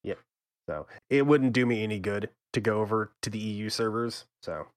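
A man's voice: fairly low pitch, normal speed. A man co-hosting a gaming podcast, teasing his friends in a dry, casual way and swearing freely. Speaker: podcast co-host.

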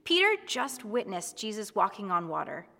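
Woman preacher, reflective devotional tone, clear bright voice. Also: medium pitch, big pitch swings, normal speed, big-room sound. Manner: gentle, reassuring, reflective. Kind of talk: devotional sermon.

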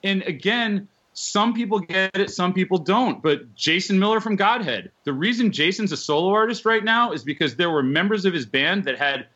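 A man's voice: high voice, lively intonation, moderate pace, few pauses, bright, forceful tone, muffled recording. A man guesting on a podcast, a former magazine editor and band manager, telling stories bluntly and emphatically with many restarts. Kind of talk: casual storytelling chat.

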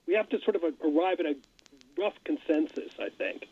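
Brief: husky, slightly high male guest, hesitant, thin phone-like dry sound. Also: brisk, dry recording. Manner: hesitant, thinking aloud. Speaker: studio guest. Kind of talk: casual radio chat.

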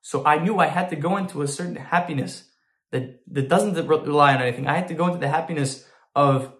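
A man's voice: a little high, fast, fairly bright tone, echoey room. A man teaching a Torah lesson through an informal story, with frequent restarts and Hebrew terms.

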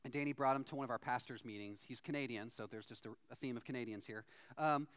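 A man preaching a sermon as a pastor, in a conversational, animated storytelling manner. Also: mid-range voice, fast, smooth.

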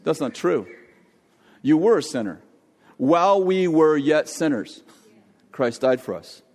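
Older guy preaching, tells funny stories, kinda high voice, big echoey hall. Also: a little slow. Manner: storytelling, jokey and animated. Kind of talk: sermon. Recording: long hall reverb.

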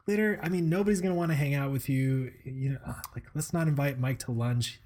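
Male podcast co-host, mid-range pitch, relaxed, rambling, self-deprecating humor. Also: quick pace. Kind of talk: casual chat.

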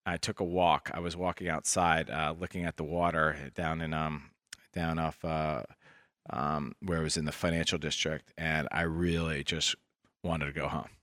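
A man being interviewed as a guest, recounting his career in a thoughtful, soft-spoken, reflective way. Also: extremely low pitch, level tone, moderate pace, dry recording, studio quality. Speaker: interview guest, investment fund co-founder. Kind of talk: reflective personal storytelling.

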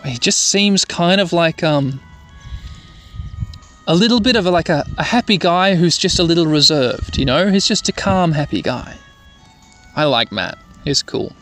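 A man hosts a relaxed let's-play, rambling about what he sees on screen. His pitch sits a bit high and moves about freely. Faint music plays in the background. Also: normal speed. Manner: rambling, easygoing. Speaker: host. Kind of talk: sleepy let's-play commentary.

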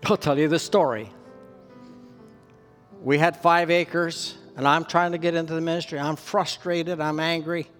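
A Canadian pastor preaches to his church, earnest and personal, lifting his voice to drive points home. His rather high voice rings out with a long hall reverb, and soft instrumental music plays faintly behind him. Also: little pitch movement, unhurried. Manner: storytelling, personal and earnest, voice rising in emphasis. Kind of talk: sermon.

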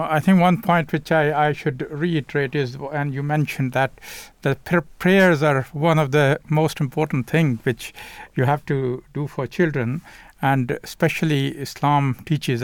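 Smooth-voiced male radio host. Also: medium pitch, no echo. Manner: measured, hesitant with fillers. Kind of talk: radio interview.

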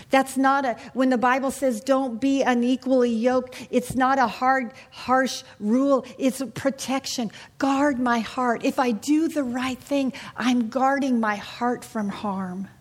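A middle-aged woman teaching the Bible to a small group in an earnest, confiding way, often asking her listeners questions. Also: fairly high pitch.

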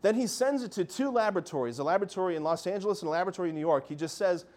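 A man giving a lively Catholic faith talk, telling miracle stories with animation and calling his listeners "guys". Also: high-pitched, racing. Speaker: Catholic speaker.

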